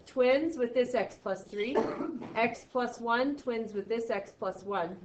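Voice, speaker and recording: A woman's voice: on the high side, a little hiss or hum. A woman teaching a math class, explaining steps aloud with playful, sarcastic asides to her students. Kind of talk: classroom lecture. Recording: echoey, distant, dull classroom audio.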